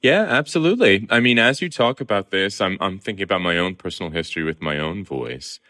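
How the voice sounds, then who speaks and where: A man from Southern California, a guest columnist talking in a casual, animated and chatty interview. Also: low-pitched, a little fast. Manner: animated, chatty, self-deprecating.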